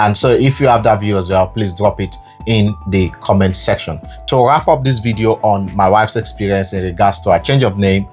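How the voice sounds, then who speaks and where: A man from Nigeria co-hosting a casual chat with his wife, speaking in a measured way, affirming her points and prompting her with questions. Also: fairly low pitch, a little mellow, faint music behind. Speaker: co-host.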